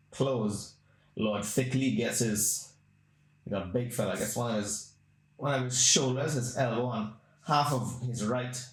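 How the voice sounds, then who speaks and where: Crude, rambling podcast man in a roomy room. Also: mid-range voice. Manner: crude, blunt, rambling anecdotes. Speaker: podcast host. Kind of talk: casual storytelling. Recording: roomy echo.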